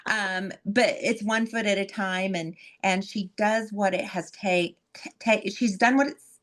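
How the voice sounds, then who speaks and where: A woman's voice: medium pitch, measured pace, a bit bright. A woman host giving an effusive, heartfelt introduction of a guest, often repeating words as she gets emotional.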